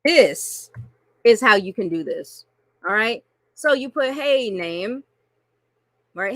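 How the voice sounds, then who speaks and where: A woman's voice: medium pitch, animated, takes it slowly, long pauses, a bit bright, no echo. A woman coaching online marketers through a screen-share tutorial, chatty and casual, often checking in with "right?" and "okay?".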